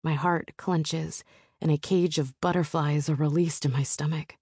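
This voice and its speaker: A woman narrating a romance audiobook in the first person with a soft, intimate storytelling manner. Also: low-pitched, steady tone, measured pace, husky, dry recording, clean studio sound.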